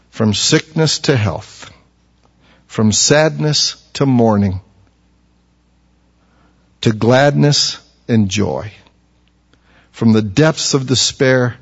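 A man preaching a sermon, reading scripture aloud and building to fervent emphasis. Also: mid-range voice. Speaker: pastor. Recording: dull lo-fi recording.

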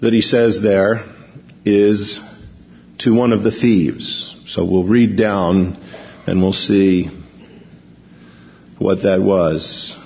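A man preaching a sermon, reading scripture slowly and then explaining it in a conversational way. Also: on the low side, fairly even intonation, big-room sound, dull audio.

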